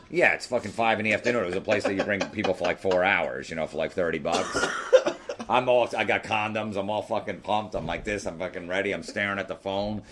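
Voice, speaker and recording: A middle-aged man with a very low, deep voice tells a story on a podcast in loose, casual chat. He acts out the other people's lines as he goes and curses freely. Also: fairly quick, noisy background. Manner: animated storyteller, acts out quotes, swears freely. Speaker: podcast host.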